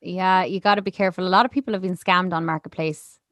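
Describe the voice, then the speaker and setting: A young Irish woman co-hosting a marketing podcast, chatting casually with many fillers and quick laughs. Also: lowish voice, fairly even intonation, a bit bright, no room sound. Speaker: podcast co-host. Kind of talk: casual chat. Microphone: podcast mic.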